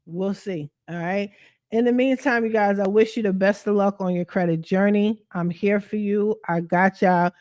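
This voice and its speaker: A woman's voice: medium pitch, steady tone, normal speed, darkish tone. A woman credit repair coach talking straight to her followers on a livestream, venting bluntly with plenty of profanity and streetwise slang. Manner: streetwise slang, addresses viewers directly.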